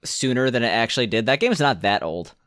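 A man's voice: medium pitch, expressive, a little fast, fairly bright tone, no room sound, clean studio sound. A man in casual chat, rambling easily with many fillers. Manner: rambling, filler-heavy, easygoing.

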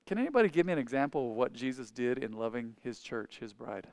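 Man preaching, emphatic then hushed. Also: mid-range voice, sing-song, fast, no echo. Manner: conversational, asks the congregation questions; swings between loud emphatic and quiet asides. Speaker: pastor. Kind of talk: sermon.

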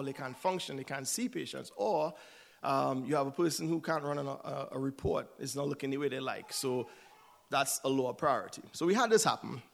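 A man's voice: mid-range voice, gravelly. A man giving a sermon in a conversational way, often checking in with "right?". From United States. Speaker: church speaker.

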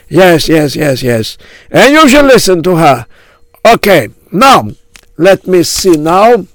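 A man's voice: high-pitched, no echo, exaggerated voice. A man voicing a kindly old Hasidic rebbe and beadle with a Yiddish-inflected accent, soothing and fatherly. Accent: Yiddish-inflected English.

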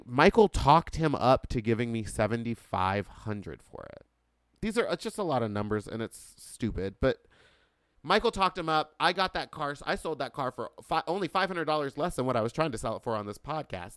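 Animated man ranting on a podcast. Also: mid-range voice, clean tone, no echo. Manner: animated, swings from loud outbursts to quiet. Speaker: podcast guest host; drag queen. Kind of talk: casual storytelling rant.

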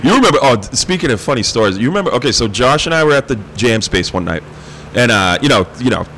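A man spins a loose, rambling story in casual chat. He laughs through his words and swears freely, at a middle pitch. A faint hiss of noise sits under his voice. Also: sing-song, quick pace, a bit bright, rough recording.

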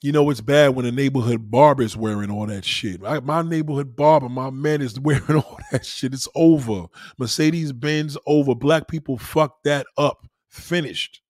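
A man ranting at mid pitch, swearing freely and firing off one rhetorical question after another. The sound is dry and close, with no room echo. He talks straight to his livestream viewers. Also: moderate pace, hardly any pauses, darkish tone. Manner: profane, emphatic, full of rhetorical questions. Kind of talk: ranting monologue.

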